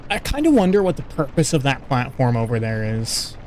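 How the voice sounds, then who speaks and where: This is casual gaming commentary from a male streamer who rambles, jokes at his own expense, and talks with his chat. His mid-range voice is very animated and brisk with a darkish tone, and soft music plays in the background.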